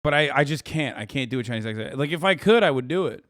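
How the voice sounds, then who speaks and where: A man hosting a stream, reacting to a show in loose, profane, animated chat. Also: mid-range voice, fast talker, no echo, studio quality. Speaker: streamer host.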